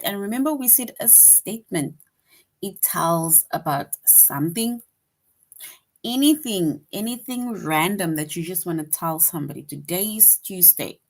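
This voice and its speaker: A woman teaching a grammar lesson to young children, patient and repetitive, checking in with "right?" after each point. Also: fairly low pitch.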